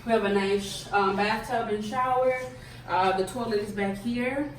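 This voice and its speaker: A woman's voice: medium pitch, measured pace. A young woman vlogging on her phone at an airport and in a hotel room, chatty and playful, talking to "guys" and "y'all". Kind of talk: casual vlog to camera. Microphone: phone camera. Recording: noisy phone recording.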